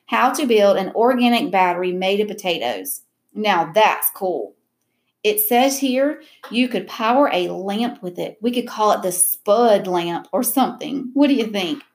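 A woman's voice: mid-range voice, lively intonation, measured pace. A woman voicing an eager, kind young boy in a storybook reading, earnest and coaxing. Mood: excited.

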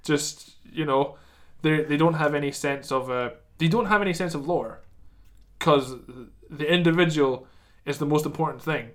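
A man's voice: fairly high pitch, moderate pace. A man co-hosting a podcast, talking enthusiastically about fantasy games and laughing often. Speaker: podcast co-host. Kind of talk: casual chat.

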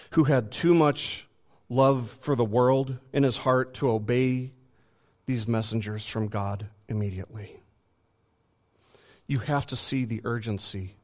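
A man preaching a sermon with emphasis, often repeating words as he builds a point. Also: medium pitch.

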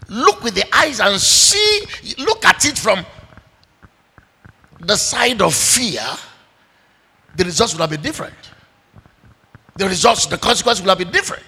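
Animated high-voiced pastor preaching. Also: male voice, breathy edge. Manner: animated preaching, acting out dialogue. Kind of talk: sermon. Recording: echoey hall with long reverb.

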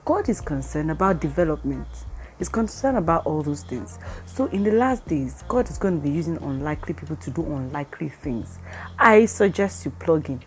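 A woman with a Nigerian accent giving a casual devotional talk. She speaks with lively energy, acts out bits of dialogue, and drops in pidgin phrases. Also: deep voice, moderate pace, faint music behind. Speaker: Christian speaker.

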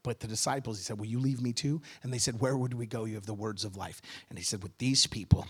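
A man preaching a sermon as pastor, impassioned and rising to shouts at his peaks. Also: on the low side, steady tone, quick pace, breathy edge.

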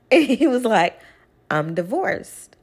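A young female vlogger chats casually in her home living room, telling a personal story and quoting what people said. Her fairly high voice is very animated yet slow, with a breathy edge.

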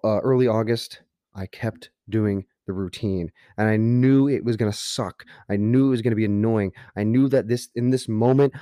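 A man's voice: on the low side, mellow, no echo, studio quality. A man hosting a podcast, telling a personal story in an earnest way that builds to emphatic motivational points. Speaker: podcast host.

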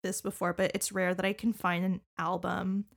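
A young adult woman co-hosting a podcast, chatting casually about musicals, animated, laughing often and using many fillers. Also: lowish voice, normal speed, gravelly. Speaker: podcast co-host.

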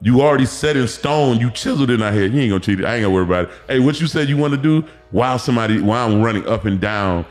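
A lowish-voiced man from Miami in his thirties, talking as a podcast guest. He tells long stories in a loose, animated way, acting out what people said and swearing freely. Faint music sits underneath. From Miami, Florida. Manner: animated, acts out quotes, profanity, repeats words. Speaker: podcast guest, former pro football player. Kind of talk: casual storytelling interview.

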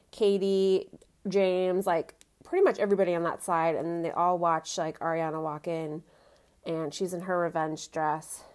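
Lady rambling thru a reality show recap, opinionated, um-heavy, kinda low voice. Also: darkish tone, clear, resonant tone. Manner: chatty, opinionated, many fillers like "um" and "you know". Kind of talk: casual chat.

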